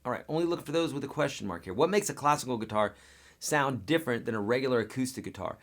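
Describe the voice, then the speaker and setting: A man's voice: mid-range voice, expressive, quick pace. A man teaching guitar on a live webcast, reading viewer questions and answering in a casual, direct way that keeps checking in with "okay?".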